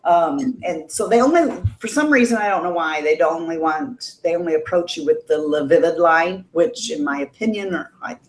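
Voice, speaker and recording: A woman's voice: low voice, moderate pace, hardly any pauses, reverberant, slight background noise. A middle-aged woman telling a story in a casual livestream chat, laughing often and acting out what others said. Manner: chatty, laughs often, animated quoting. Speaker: guest on a livestream.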